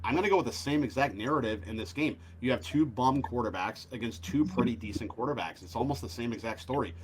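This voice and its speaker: A man's voice: mid-range voice, quick pace, low-quality recording. A man hosting a sports betting show, talking casually and animatedly with many fillers.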